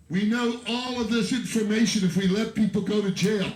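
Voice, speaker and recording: An American man giving a fiery, profane, shouting rally speech to a festival crowd from an outdoor stage. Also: sits high, steady tone, normal speed, reverberant, low-quality recording. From United States. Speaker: activist speaker at a festival.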